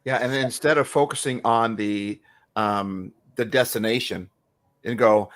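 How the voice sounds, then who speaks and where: A man's voice: medium pitch, moderate pace. Middle aged guy all lit up, preachy motivational podcast talk. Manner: excited, preachy motivational speaker. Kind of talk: casual podcast chat.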